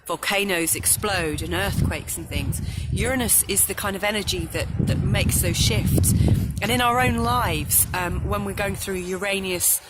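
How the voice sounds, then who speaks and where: A woman astrologer hosting a casual solo talk outdoors in nature. She is chatty and apologetic and often pauses on "um". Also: medium pitch, heavy background noise. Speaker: astrologer host.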